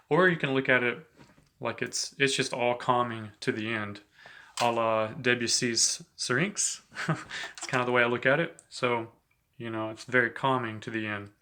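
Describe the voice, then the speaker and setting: A man with a bright, forceful voice talks through a saxophone lesson in a loose, chatty way and keeps saying "you know". His pitch sits in the middle, and saxophone music plays faintly behind him. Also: normal speed. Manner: relaxed and chatty, with many "you know"s and short laughs. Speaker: saxophone teacher. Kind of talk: casual instructional talk between playing examples.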